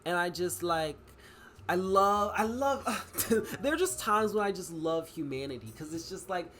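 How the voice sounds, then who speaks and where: Rambling young man, higher voice. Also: expressive, moderate pace, fairly bright tone. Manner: rambling, many "like" fillers and restarts. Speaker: vlogger and writer. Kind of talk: casual vlog chat.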